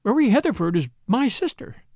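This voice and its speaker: A man voicing a lively young woman traveler. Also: very high voice, fairly quick, no echo, clean studio sound, pitched above the performer's own voice, heavily acted. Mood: amazed. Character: earnest young woman traveler, startled and wry. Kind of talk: audiobook character voice.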